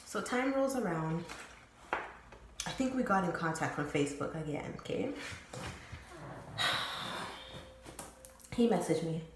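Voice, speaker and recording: A woman's voice: on the low side, animated, takes it slowly, pauses often, noisy background. A young woman telling a candid, rambling personal story to her viewers, full of fillers and swearing. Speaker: storytime vlogger. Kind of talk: casual storytelling. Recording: very echoey room.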